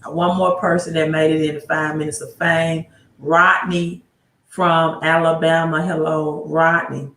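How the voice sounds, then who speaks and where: A woman's voice: sits low, flat delivery, unhurried, fairly bright tone. A woman hosting a casual livestream about money, rambling, greeting viewers by name and asking rhetorical questions. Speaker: livestream host giving financial advice. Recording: roomy echo.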